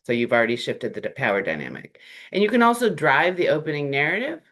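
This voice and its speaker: A workshop presenter speaking in a relaxed, conversational way, with frequent fillers and lively shifts in tone. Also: medium pitch, fast talker. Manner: animated, acts out short quoted greetings; chatty, with frequent "um" and "like".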